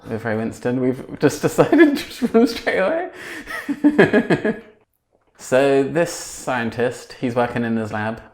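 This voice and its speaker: A man co-hosting an improvised comedy podcast, giggling and hesitating as he builds the story. He speaks slowly with a lively, swooping pitch, heard in a roomy echo. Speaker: podcast co-host.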